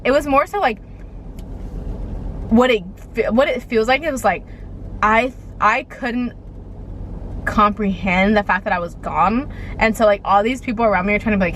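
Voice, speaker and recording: Over poor audio and a faint background hum, a young vlogger shares a rambling personal storytime. Her voice is fairly high and fairly bright, her pace fairly quick, her intonation lively, and her speech is full of "like" and repeated "okay?" check-ins.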